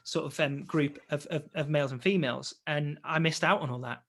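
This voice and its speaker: A young adult man, an actor and interview guest, telling his story in a lively, casual way and acting out remembered conversations. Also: on the high side, fairly quick, creaky.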